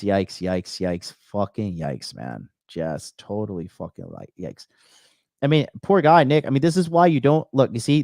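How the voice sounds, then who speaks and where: A man's voice: fairly low pitch, a little mellow, dry recording, studio quality. Blunt, swearing man giving dating commentary. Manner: blunt, swears often, repeats phrases. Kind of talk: casual solo commentary.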